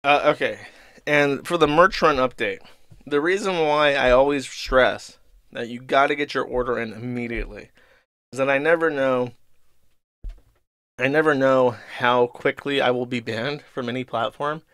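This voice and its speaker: A man's voice: mid-range voice, normal speed, fairly bright tone, clear, resonant tone, no room sound. A man hosting a show, telling a story in an irritated, profane, sarcastic rant. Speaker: streamer host. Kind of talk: casual ranting monologue.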